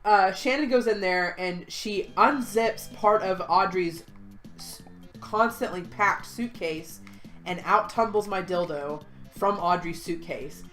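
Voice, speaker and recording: A woman telling a story in casual chat, animated, swearing freely and acting out what people said. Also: on the low side, takes it slowly, faint music behind. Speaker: podcast host.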